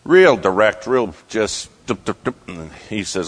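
A man preaching, telling an animated story with shifts in loudness. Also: lowish voice, unhurried. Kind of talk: sermon storytelling.

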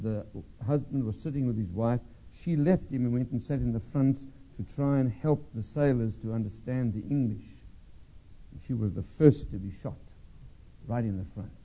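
Dark-voiced male preacher telling a story. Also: medium pitch, rough recording. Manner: storytelling, pausing, with hesitant fillers. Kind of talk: sermon.

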